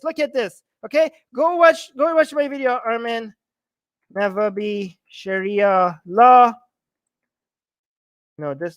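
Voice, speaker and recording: A man's voice: high-pitched, no echo. A man hosting a livestream, reacting in heated rants full of rhetorical questions. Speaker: channel host.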